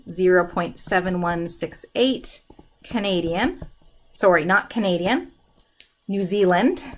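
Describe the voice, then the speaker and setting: Woman explaining math step by step. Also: lowish voice. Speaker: math instructor. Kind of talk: screen-recorded lesson, working through problems.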